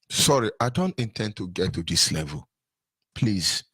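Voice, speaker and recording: An older Nigerian man with a husky, bright voice delivers a fiery monologue, swinging widely up and down as he repeats words for emphasis. His tone sits fairly high, and the sound is dry and close. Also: big pitch swings, unhurried, dry recording. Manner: repetitive, emphatic, sing-song rises. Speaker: political commentator. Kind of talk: impassioned monologue.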